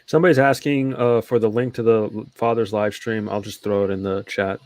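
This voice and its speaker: A man's voice: fairly low pitch, fairly even intonation, fairly quick, darkish tone, dry recording. A man co-hosting a stream, chatting casually with viewers and ranting in a heated, profane way. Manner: heated, profane, talks to chat. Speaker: stream co-host. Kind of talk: casual reaction commentary.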